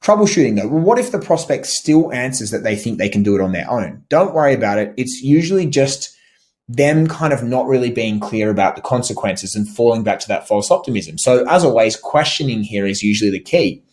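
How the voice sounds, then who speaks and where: A man teaching sales calls in a relaxed, conversational way, often saying "like" and restarting phrases, and acting out how to phrase questions. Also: mid-range voice, brisk. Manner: conversational, frequent "like" and restarts, demonstrates inflection. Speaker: sales trainer. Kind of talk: instructional talk over slides.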